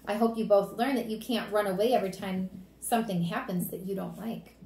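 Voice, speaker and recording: A woman voicing a stern, reasonable father in a storybook reading, measured and firm. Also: medium pitch, steady tone, mellow, natural voice. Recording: roomy echo.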